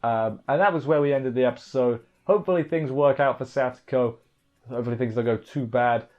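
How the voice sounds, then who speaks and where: Male reviewer, mid pitch, loose self-correcting delivery, dull recording. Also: a little fast, soft background music. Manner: rambling, off-the-cuff, self-correcting. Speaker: anime reviewer. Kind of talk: casual spoken review.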